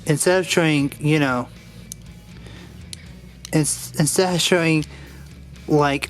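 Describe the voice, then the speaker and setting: A man's voice: on the high side, fairly even intonation, slow pace, long pauses, faint music behind. A man casually walking through a Lego build step by step, drifting off into a rambling personal story and restarting his sentences as he goes.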